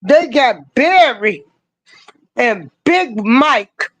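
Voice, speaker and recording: Slow, emphatic older woman ranting. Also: big pitch swings, dry recording, rough recording. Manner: emphatic, hammering repeated rhetorical questions; slangy, swings between rising cries and low asides. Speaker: online commentator. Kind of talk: ranting political commentary.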